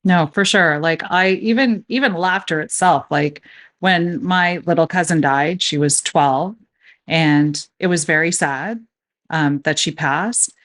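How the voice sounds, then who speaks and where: Woman host, 30s, low-ish voice, earnest and conversational. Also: measured pace, fairly bright tone. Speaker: podcast host. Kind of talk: casual podcast chat.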